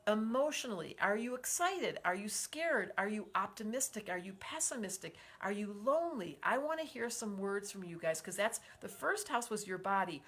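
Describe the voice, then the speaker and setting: A woman's voice: mid-range voice, expressive, moderate pace, few pauses, a bit bright, breathy edge. A woman in her sixties hosting a live stream as an astrologer. She is effusive and encouraging, reads viewer comments aloud and leads group breathing. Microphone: livestream setup.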